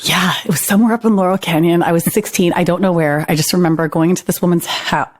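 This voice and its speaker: A woman's voice: fairly low pitch, fairly even intonation, quick pace. A middle-aged Canadian woman with a Canadian accent, guesting on a podcast from home and telling stories in a chatty, self-deprecating way. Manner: chatty storyteller, self-deprecating, laughs often. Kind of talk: casual interview chat. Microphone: standing at a home microphone, remote.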